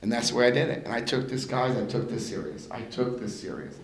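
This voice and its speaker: An older man giving a personal recovery testimony to a group, an animated storyteller who laughs often and acts out the voices in his story. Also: mid-range voice, fast. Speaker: recovery meeting speaker.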